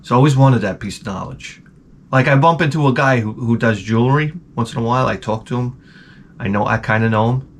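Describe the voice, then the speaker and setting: A man talking straight to his own camera, wandering from one crude joke to the next with a loose, rambling storyteller's drift. His voice sits at an ordinary middle pitch, and a faint hiss of noise stays under it throughout. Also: fairly quick. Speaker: channel host. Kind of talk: rambling comic monologue.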